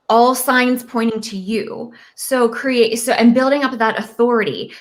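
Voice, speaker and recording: A woman from Virginia giving a chatty, upbeat guest presentation and laughing often. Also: on the high side. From Virginia, United States. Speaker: guest speaker. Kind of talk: casual explanatory presentation.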